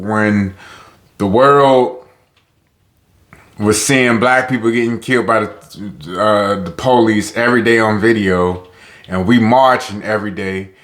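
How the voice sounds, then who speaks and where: A man with a Tidewater Virginia accent, talking casually and profanely in a loose vlog monologue. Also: a bit bright. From Newport News, Virginia. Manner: loose and profane, heats up with rising pitch on social topics. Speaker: vlogger.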